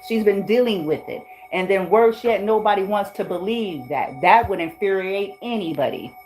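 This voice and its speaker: A woman's voice: mid-range voice, lively intonation, normal speed, darkish tone, soft background music, poor audio. A woman giving a spoken tarot reading in a blunt, profane, slangy way. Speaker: tarot reader.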